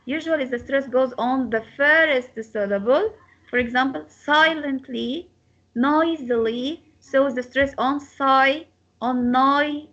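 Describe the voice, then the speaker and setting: Slow, high-voiced woman teaching pronunciation. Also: fairly bright tone. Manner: slow, repeating words to model pronunciation. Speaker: English teacher. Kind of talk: classroom lecture. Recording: slightly dull lo-fi sound.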